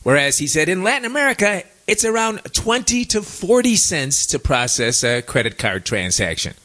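A man's voice: high voice, normal speed. A man hosting a show, telling travel stories in a chatty monologue with wry asides. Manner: chatty, wry asides, lively rising and falling delivery. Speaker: host. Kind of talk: casual storytelling monologue.

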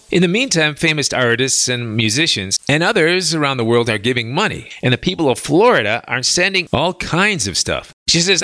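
Guy hosting a talk show, bright voice, super lively pitch, fired up and indignant. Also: brisk, few pauses, no echo. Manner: animated, indignant retelling. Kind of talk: talk-show commentary relaying a translated interview.

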